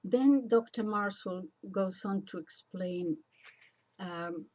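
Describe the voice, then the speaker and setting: A woman giving a casual religious commentary, hesitant and reflective with many pauses and fillers. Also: mid-range voice, a little mellow, highs cut off. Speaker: catholic commentator.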